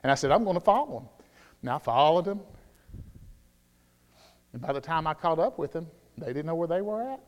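A man's voice: fairly high pitch, expressive, fairly quick, long pauses. Southern preacher man in a reverberant hall. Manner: swings from loud shouted preaching to quiet storytelling. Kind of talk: sermon. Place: church sanctuary. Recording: long reverb of a church hall.

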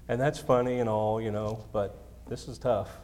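A man's voice: on the low side, little pitch movement, unhurried, darkish tone, slight background noise. A man preaching a sermon to his congregation into a microphone, emphatic, repeating key lines, with self-deprecating humor. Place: church sanctuary. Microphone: handheld or stand microphone. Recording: long hall reverb.

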